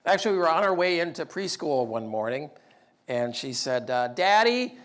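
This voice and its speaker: A man's voice: medium pitch, expressive, moderate pace. A man giving a storytelling talk about fatherhood with wry, self-deprecating humor. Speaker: public speaker.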